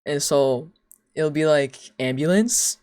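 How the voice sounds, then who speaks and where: A woman's voice: sits low, takes it slowly, a little mellow. A young woman streaming live, chatting casually in a rambling, giggly way with lots of filler words. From United States.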